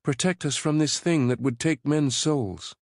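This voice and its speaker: A man's voice: mid-range voice, normal speed, no room sound, clean studio sound, voice pushed up, natural voice. A man voicing a brave, scholarly young woman in an audiobook, speaking with commanding conviction. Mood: fervent prayer. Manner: commanding, fervent prayer delivery. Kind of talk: audiobook character voice.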